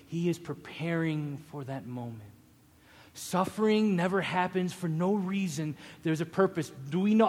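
A man in his thirties preaching a sermon, telling a personal story with animated, acted-out quotes. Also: high voice, long reverb tail. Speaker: pastor.

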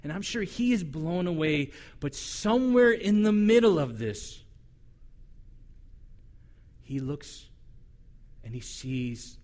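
High-voiced man preaching a sermon. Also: slow pace, long pauses. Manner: animated storytelling, conversational. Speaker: pastor.

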